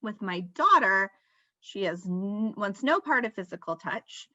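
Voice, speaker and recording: A woman's voice: mid-range voice, expressive, measured pace, bright, forceful tone, dry recording. A woman in her thirties presents a parenting webinar in a conversational, explanatory way and draws on everyday examples. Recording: slightly dull lo-fi, dry sound.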